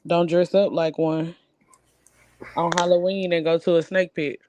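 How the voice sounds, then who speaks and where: A woman with a Southern US accent co-hosting a casual barbershop-style chat, talking in a loose, animated way full of fillers. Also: lowish voice, unhurried, slight background noise. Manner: animated, drawling, lots of fillers. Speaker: podcast co-host.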